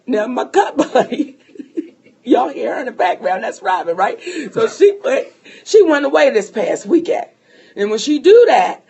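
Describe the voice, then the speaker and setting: A woman co-hosting a podcast, telling a personal story in an animated, profane way and laughing often. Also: fairly high pitch, normal speed, creaky, husky. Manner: speaks to listeners as sisters. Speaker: podcast co-host.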